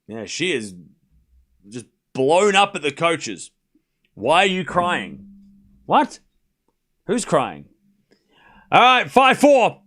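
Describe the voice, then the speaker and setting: A man hosting a live tennis watchalong stream, calling points play by play with casual joking asides and shouting on big moments. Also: a little high, takes it slowly, long pauses. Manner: excitable, shouts on big points, chatty and joking between rallies.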